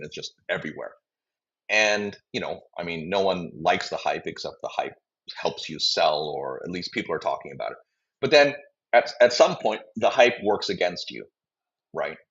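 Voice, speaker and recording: A man with a low voice speaks as a guest, rambling through long answers and slipping into quoted voices. The sound is dull and lo-fi. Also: a bit bright. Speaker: biotech company CEO, guest. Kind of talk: conversational interview answer.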